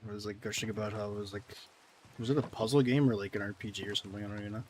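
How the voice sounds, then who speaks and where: A man streaming gameplay chats with his viewers, replying to them with sarcasm and playful mock outrage. His fairly low voice stays steady in tone while he talks rapid-fire, with slight background noise.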